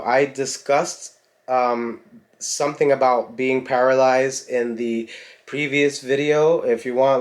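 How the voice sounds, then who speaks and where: Here a man talks straight to his viewers, recounting a personal faith story without a script. He speaks at an ordinary pitch, in loose conversational sentences with fillers and restarts. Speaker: pastor. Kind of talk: personal faith testimony told to camera.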